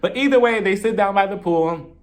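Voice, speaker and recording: A young man giving a casual, jokey review of a reality TV episode, talking in an animated, chatty way with lots of "like" fillers. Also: high voice, fairly quick.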